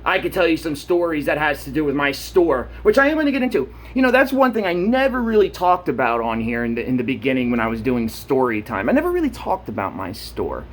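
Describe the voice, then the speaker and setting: A man's voice: on the high side, wildly swooping pitch, fast talker, hardly any pauses. A man vlogging in a blunt, profane rant, getting worked up as he talks. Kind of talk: casual rant to camera.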